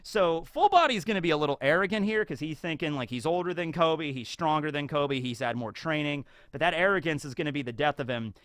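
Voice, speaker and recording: A man's voice: on the high side, fairly quick, few pauses, no room sound, studio quality. A man giving casual, rambling fan commentary as a YouTube commentator, full of fillers. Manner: rambling, filler-heavy, animated.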